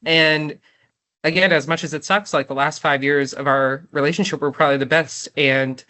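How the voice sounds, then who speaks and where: A woman's voice: deep voice, steady tone, moderate pace, bright, forceful tone. A woman in her thirties, a guest in an interview, talking from the heart and close to tears, with lots of "like" and "right?". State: tearful. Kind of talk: emotional interview conversation.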